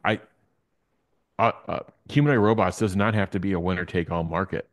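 A male guest in a casual interview chat, explaining his views in a measured way. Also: low-pitched. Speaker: guest analyst.

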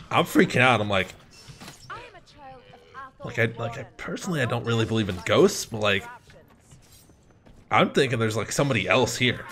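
A young man with a lowish voice hosts a gaming channel, casually commenting on gameplay while telling a story. He's animated, swears, and uses lots of fillers.

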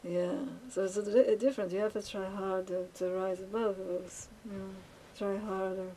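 A woman rambling in a casual monologue while she paints, halting often with fillers and restarts as she muses aloud. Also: medium pitch, flat delivery, mellow, a little hiss or hum, rough recording. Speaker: vlogger.

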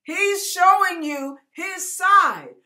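A woman's voice: very high voice, expressive, drawn-out words, sharp tone. A woman pastor reading scripture and preaching, confiding her own struggles with rising emotion. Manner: personal, confiding talk about her struggles.

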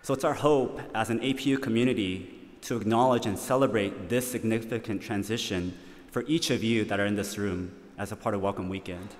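A man hosting a university welcome event, speaking in an earnest, measured way and leading a spoken prayer. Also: lowish voice, big-room sound.

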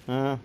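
A man giving casual gameplay commentary, sarcastic and grumbling, swearing at enemies. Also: background noise. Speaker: gaming streamer. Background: game music.

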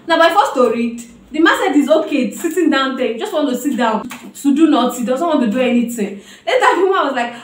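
A woman's voice: high-pitched, animated, a little fast, echoey room. A woman hosting a reaction video, chatting casually and exclaiming animatedly.

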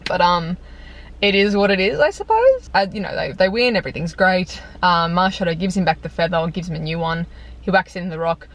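A woman's voice: fairly low pitch, animated, fairly quick. Chatty young woman ranting about a movie. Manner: chatty and exasperated, lots of "like", breaks into laughter. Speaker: video reviewer. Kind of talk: casual movie review rant. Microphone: compact camera on tripod.

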